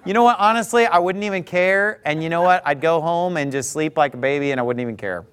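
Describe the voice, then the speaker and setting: A man's voice: fairly high pitch, fast, few pauses, fairly bright tone. A male pastor delivering an emphatic sermon, preaching hard and mocking his critics in mock voices. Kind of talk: fiery sermon.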